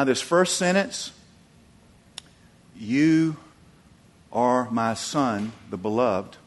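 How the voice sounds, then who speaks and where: A man preaching a sermon, acting out quoted voices and moving between loud emphatic peaks and low quiet asides. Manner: acts out quoted voices, chuckles. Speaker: pastor.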